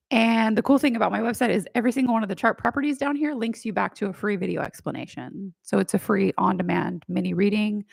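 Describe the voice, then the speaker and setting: A woman's voice: mid-range voice, gravelly, breathy edge, dry recording. A woman hosting a live question-and-answer stream, chatting casually in a rambling way and laughing often. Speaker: human design reader hosting a live Q&A. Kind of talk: casual livestream chat.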